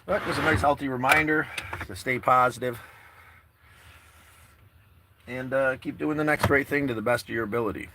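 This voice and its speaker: A man's voice: mid-range voice, normal speed, pauses often, noisy background. Laid-back man rambling on a live stream. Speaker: travel vlogger. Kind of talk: casual live-stream chat. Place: in or by his car, outdoors.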